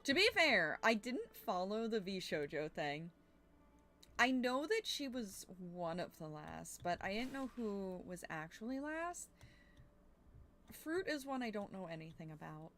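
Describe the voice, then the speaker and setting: A woman's voice: medium pitch, big pitch swings, unhurried, a bit bright, a little hiss or hum. A young woman streamer chatting casually while playing a game, thinking aloud and swearing now and then. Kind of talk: casual gameplay chat.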